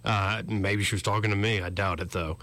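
A man's voice: lowish voice, steady tone, fairly quick, fairly bright tone, no room sound. A man hosting a call-in talk radio show, casual and wry, laughing through mocking asides.

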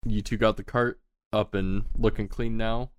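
A man's voice: fairly low pitch, flat delivery, moderate pace, clean tone, no room sound, studio quality. A man running a tabletop game as game master, narrating in a loose, laid-back way with casual swearing.

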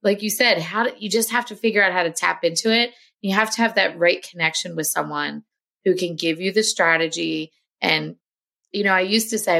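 A woman's voice: lowish voice, fairly quick, gravelly, pushed and bright. A woman, a health coach and podcast guest, talking earnestly and encouragingly in casual conversation.

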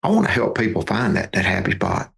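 Guy, late 50s, gravelly low voice, folksy storyteller on a podcast, keeps repeating words. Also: sing-song, fairly quick, a bit bright. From Mississippi, USA. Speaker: podcast guest, duck hunting outfitter. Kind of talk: conversational storytelling.

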